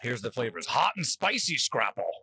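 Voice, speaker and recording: A man's voice: mid-range voice, very animated, moderate pace, sharp tone, rough recording. A man from New Jersey hosting a casual food-tasting vlog, chatty and wry as he jokes between bites. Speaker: host.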